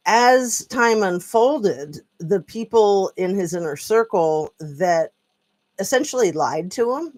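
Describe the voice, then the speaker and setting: A woman's voice: fairly low pitch, darkish tone. Rambling, chatty woman vlogger. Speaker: political commentary vlogger. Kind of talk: casual commentary monologue. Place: at home with a dog.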